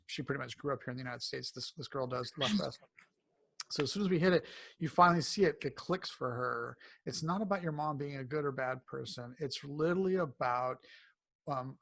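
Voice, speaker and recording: A man's voice: mid-range voice, creaky, fairly bright tone, no room sound. A man speaking as a cancer coach in a conversational interview, rambling with many fillers and restarts, and turning emphatic and enthusiastic when he praises.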